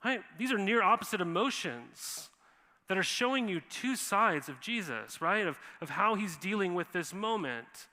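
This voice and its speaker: Bright-voiced male pastor in a reverberant hall. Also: high-pitched, moderate pace. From Montana. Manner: conversational, animated, acts out quoted voices. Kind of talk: sermon. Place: church sanctuary. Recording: long reverb of a church hall.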